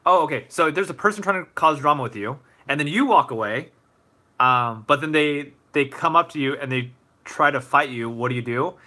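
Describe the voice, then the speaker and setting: A young man hosting a casual live Q&A stream, answering viewer questions in a relaxed, thoughtful way with many fillers and restarts. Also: fairly high pitch, moderate pace.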